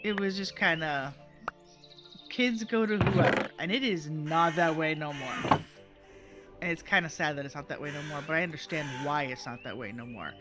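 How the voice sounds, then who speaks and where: A middle-aged grandmother telling a family story while streaming, animated and laughing often, acting out the people she quotes. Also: sits low, moderate pace, over loud music.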